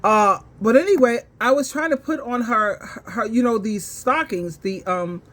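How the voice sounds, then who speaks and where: A woman's voice: on the high side, moderate pace, fairly bright tone. A woman vlogger telling a story and reading viewer comments in casual commentary, rambling with fillers and laughing heartily between lines. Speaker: advice coach and vlogger.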